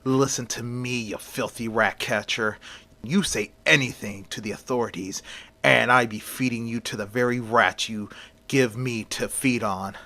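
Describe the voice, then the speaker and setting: A man voicing a brooding masked phantom with a low threatening delivery in a fan story. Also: steady tone, normal speed, bright, forceful tone. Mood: menacing.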